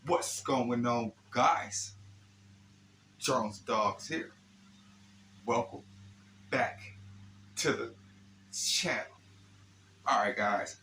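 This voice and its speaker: A man's voice: mid-range voice, very slow, long pauses, pushed and bright. A man hosting a casual hobby unboxing video, talking in a laid-back, slangy way and often adding "man" and "you know what I'm saying". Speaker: RC hobby channel host. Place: indoor room he calls his lab. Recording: echoey room with faint noise.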